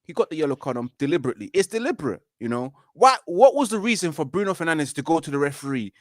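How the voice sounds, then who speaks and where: A man's voice: on the high side, very animated, fast, no room sound, clean studio sound. A man, debating football in a casual fan chat over a video call, emphatic and repetitive. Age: 30s. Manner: emphatic, repeats "you know" and "man". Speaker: football fan show co-host.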